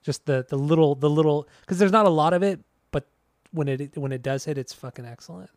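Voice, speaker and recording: A man's voice: on the high side, fairly quick, a little mellow, no echo, studio quality. A man co-hosting a podcast in casual chat, rambling and swearing easily as he talks about music. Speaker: podcast co-host.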